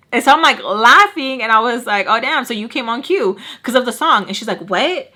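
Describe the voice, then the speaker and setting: A young woman telling a casual storytime, chatty and animated, swearing freely and filling talk with "like". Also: a little high, quick pace, hardly any pauses. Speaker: storytime vlogger.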